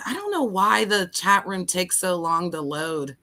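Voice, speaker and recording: A woman's voice: on the low side, big pitch swings, unhurried, sharp tone, dry recording, studio quality. A woman chatting and giggling as a co-host on a casual livestream.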